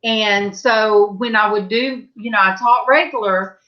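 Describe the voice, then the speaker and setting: Her medium-pitched voice stays steady and measured as this middle-aged woman with a Southern US accent hosts a relaxed panel conversation. She's a chatty storyteller whose rambling tales are packed with fillers and restarts, captured in dull lo-fi sound.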